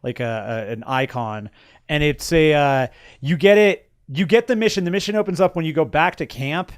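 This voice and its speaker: Middle-aged male co-host, casual game chat, higher pitch, rambling delivery. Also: moderate pace, clear, resonant tone, no echo, clean studio sound. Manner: rambling, many restarts and fillers. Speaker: podcast co-host. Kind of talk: casual chat about video games.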